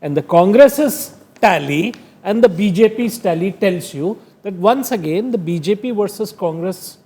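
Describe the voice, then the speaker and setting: Man analyst, mellow high voice, pushes his point hard. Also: lively intonation, measured pace. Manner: emphatic point-making. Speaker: panel analyst.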